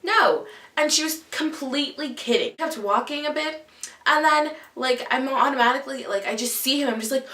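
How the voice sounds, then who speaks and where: A teenage girl tells stories to her camera in a high-pitched voice, rambling along with plenty of "like" and "um". She sits back from the mic, so her voice comes through roomy and echoey. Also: a little fast, fairly bright tone, distant mic. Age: late teens. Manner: rambling, full of "like" and "um". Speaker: vlogger. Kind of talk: casual storytelling to camera.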